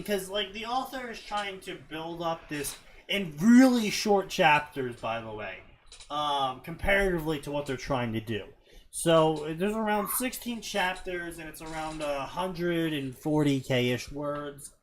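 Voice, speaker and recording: Brief: casual comedy co-host, mid-pitched voice, faint noise. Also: a bit bright. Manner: rambling, sarcastic, full of fillers. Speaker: co-host reading fanfiction.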